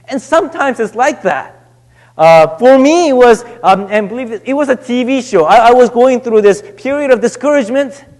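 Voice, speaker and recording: High-voiced man preaching in a reverberant hall. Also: lively intonation. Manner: halting, many restarts and fillers, drops to a hush on scripture. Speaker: pastor. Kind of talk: sermon. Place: church sanctuary.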